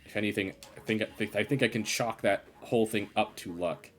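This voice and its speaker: A man's voice: lowish voice, brisk, fairly bright tone. A man streaming live gameplay commentary, grumbling in an exasperated, sarcastic way.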